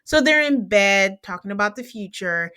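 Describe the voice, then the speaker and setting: A woman's voice: medium pitch, expressive, normal speed, sharp tone, smooth. A woman hosting a podcast, recapping a reality show in casual chat, teasing and laughing often.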